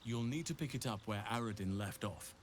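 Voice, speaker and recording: Actor playing a measured, formal ally in a fantasy game, lowish voice, faint ambience behind. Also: male voice, slight background noise, lightly acted. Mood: earnest.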